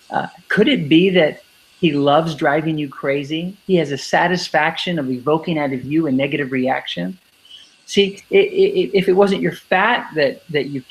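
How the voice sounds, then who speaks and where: This anti-bullying educator, a guest in an interview, explains emphatically and voices the children he quotes. His voice is on the high side at a normal speed, and the recording is rough.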